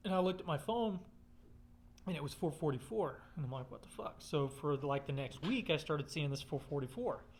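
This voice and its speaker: A man tells a loose, rambling story from his own life, swearing constantly along the way. His voice sits a little higher than most men's. Faint noise hums behind him. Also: lively intonation, moderate pace, darkish tone. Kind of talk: casual personal storytelling.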